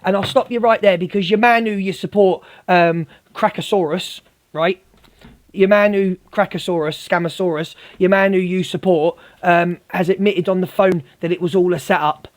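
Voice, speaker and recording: This livestream host is a man whose voice sits high, with fairly even intonation at a moderate pace. He delivers a heated, confrontational rant at a viewer, repeatedly addressing her as darling.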